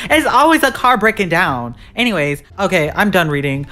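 A woman giving live commentary as she plays a horror game. She talks in an excitable, jumpy way, with sudden shrieks and slangy asides. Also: lowish voice, normal speed, few pauses. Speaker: gaming YouTuber.

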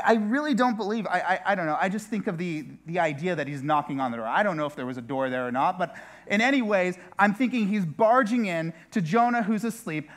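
A man's voice: sits high, a bit bright. A male pastor preaching a sermon in a chatty way, turning often to the listeners with asides. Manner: conversational, with repeated asides to the listeners.

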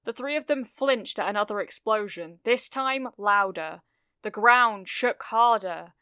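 A woman narrates a fan fiction story in a steady, measured reading voice. Her tone is smooth and clear. The recording is close and dry, with no room around it. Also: mid-range voice, no echo. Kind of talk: scripted narration.

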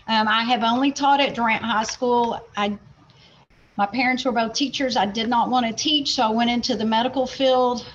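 A woman's voice: on the high side, fairly bright tone. A woman in her forties from Oklahoma with a Southern Oklahoma accent, a health science teacher giving a casual workshop presentation over a video call, laid-back and a little apologetic. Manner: laid-back, apologetic, talks herself through steps. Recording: muffled video-call audio with faint noise.

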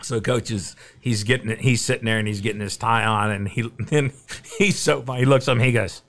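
A middle-aged man, a podcast guest, telling a story in casual, animated chat and acting out the quotes. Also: mid-range voice, a little fast.

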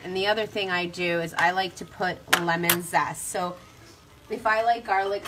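A woman's voice: fairly low pitch, background noise. A young adult woman hosting a live cooking demonstration, chatty and upbeat, talking straight to her viewers. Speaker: cooking show host.

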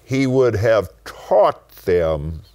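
An older man with a West Texas accent, preaching and teaching in a studio conversation, slow and emphatic, stretching key words and breaking into exclamations of praise. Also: on the low side, very animated, darkish tone. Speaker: television preacher and host.

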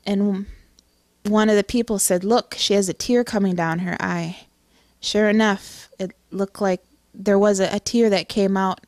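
A middle-aged woman giving an earnest personal testimony, halting, with many restarts and fillers. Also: medium pitch, steady tone, a little mellow, no echo, studio quality. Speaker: testimony speaker.

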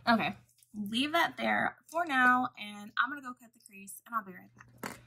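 Woman makeup vlogger, husky and bright, swears freely, chatty home tutorial. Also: a little high, moderate pace, poor audio. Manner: chatty, profane storytelling. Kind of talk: casual makeup tutorial chat.

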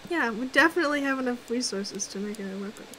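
A woman's voice: fairly high pitch, animated, quick pace, fairly bright tone, slight background noise, rough recording. A woman streamer chatting casually during a game, teasing her co-host and laughing often. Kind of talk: casual gameplay chat.

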